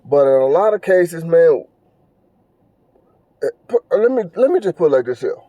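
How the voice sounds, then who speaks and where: A podcast host talks alone in a casual, earnest, preachy monologue, repeating phrases and tripping over fillers. His fairly high voice has a sing-song quality and a moderate pace. The recording is dry, with the highs cut off.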